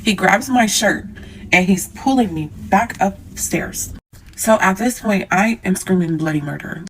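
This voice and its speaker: A young woman casually telling a dramatic personal story to her viewers, animated, swearing, calling them y'all. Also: medium pitch, a little slow, slight background noise, rough recording. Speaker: storyteller vlogger.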